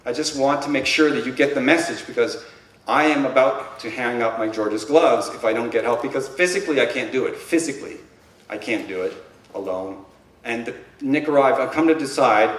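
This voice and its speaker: A man giving a conference presentation, speaking emphatically and with passion, rambling at times. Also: medium pitch. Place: conference room. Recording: roomy echo, distant mic.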